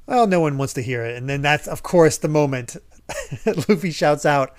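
A man's voice: a little high, animated, normal speed. A man hosting a podcast, chatting casually about a comic and quoting its characters with lots of laughter. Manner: laughs often, quotes characters animatedly. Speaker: podcast host.

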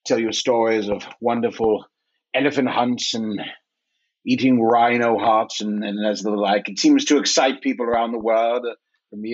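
A genteel English hunter played by a man who rambles through his tales with easy asides. His voice is mid-pitched and a touch husky. The audio is a little dull and lo-fi. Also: lightly acted. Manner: chatty, genteel, full of filler asides. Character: chatty English big-game hunter, young man.

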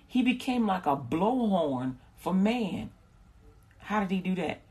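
A woman's voice: mid-range voice, very animated, takes it slowly, darkish tone, breathy edge. A woman giving casual Bible teaching in a rambling, slangy way, with frequent restarts.

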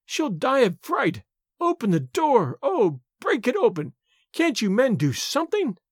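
A man voicing a frantic mother who wails and pleads in a raised, drawn-out voice. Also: huge pitch swings, dry recording, studio quality, heavily acted. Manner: wailing, pleading high and drawn out. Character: frantic mother, woman, terrified for child.

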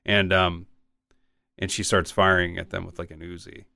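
A man co-hosting a casual movie discussion, rambling and wry, often trailing off quietly. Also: sits low, little pitch movement, moderate pace, gravelly. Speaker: podcast co-host.

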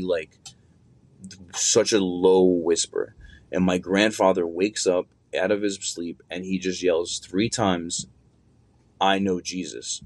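Low-voiced young man telling a story. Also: darkish tone, no room sound. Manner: loose and conversational, heavy on fillers and slang. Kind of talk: casual personal storytelling.

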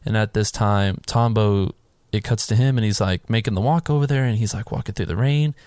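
A man with a lowish voice chats his way through a film's plot in a loose, rambling way, slipping into the characters' lines as he goes. The sound is dry and close, with no room echo at all. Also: brisk, a little mellow. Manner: rambling storytelling with quoted character lines and swearing. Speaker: podcast host recapping a film. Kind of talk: casual chat.

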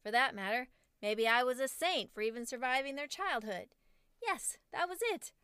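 A woman in her forties with a fairly high, smooth and resonant voice reads from her own parenting book on her podcast. Her delivery is wry and self-mocking. The sound is close and dry. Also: lively intonation, normal speed, pushed and bright, no echo. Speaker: podcast host and author.

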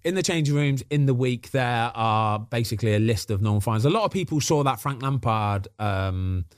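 A man, a podcast guest and former goalkeeper, telling chatty stories in a lively way and acting out the quotes. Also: medium pitch, normal speed, no room sound, clean studio sound. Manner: animated, acts out quotes, chatty. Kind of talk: casual storytelling.

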